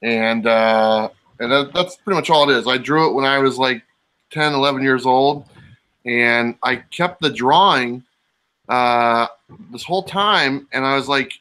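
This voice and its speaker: A man joining a casual comic livestream as a guest, easygoing and quick to laugh. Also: medium pitch, sharp tone. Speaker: guest collector.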